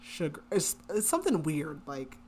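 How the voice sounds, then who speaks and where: Bright-voiced, chatty woman podcaster. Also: fairly low pitch, normal speed, slight background noise. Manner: chatty, filler-heavy, laughs often. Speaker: podcast co-host. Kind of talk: casual chat, recapping a book.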